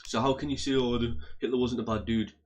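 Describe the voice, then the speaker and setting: A man's voice: mid-range voice, fairly even intonation, quick pace, a little mellow, low-quality recording. A young man, ranting casually in a heated way, swearing and repeating himself as he stumbles over his words.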